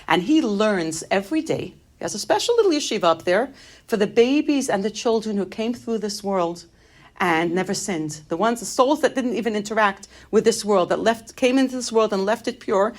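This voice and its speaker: A middle-aged woman gives an inspirational talk built on personal stories. She speaks in an animated, humorous way and moves easily between light asides and grave moments. Her voice sits at an ordinary pitch for a woman. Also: brisk.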